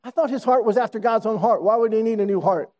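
A man's voice: high voice, fast, a little mellow. A man in his sixties preaching a sermon, telling a story and repeating phrases for emphasis. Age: 60s. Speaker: pastor.

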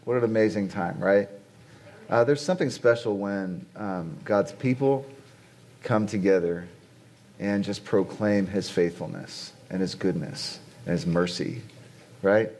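Speaking at a measured pace, this man has a lowish, slightly mellow voice. He's in his late forties and is the speaker at a conference venue, giving a chatty, conversational sermon and asking the audience rhetorical questions.

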